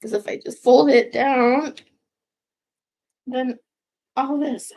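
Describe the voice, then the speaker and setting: A woman's voice: high-pitched, steady tone, slow pace, long pauses, a little mellow. A woman in her sixties rambling casually at home in a goofy, self-mocking way, swearing freely and drifting now and then into whispers. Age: 60s. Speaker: vlogger. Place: home room.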